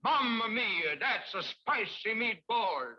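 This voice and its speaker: Brief: flustered ham actor with fake Italian accent, high husky voice, dull vintage commercial audio. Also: male voice, animated, takes it slowly, noisy background. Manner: exaggerated, bumbling repeated lines. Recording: dull lo-fi old TV ad.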